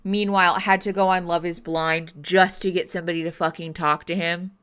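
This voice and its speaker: A woman's voice: lowish voice, flat delivery, fairly quick, fairly bright tone, clear, resonant tone. A woman streamer giving live reaction commentary on a reality show, ranting with profanity and sarcasm.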